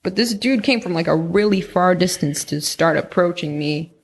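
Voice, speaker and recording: Young woman, creaky voice, rambling casual storyteller full of "like" and swearing. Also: on the low side, moderate pace. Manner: rambling, heavy use of "like", frequent swearing. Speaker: podcast guest recounting experiences.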